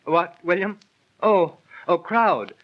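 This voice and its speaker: A man playing a high-strung young stage actor in a 1930s radio drama, with theatrical old-fashioned diction. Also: takes it slowly. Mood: uneasy. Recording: muffled 1930s transcription disc.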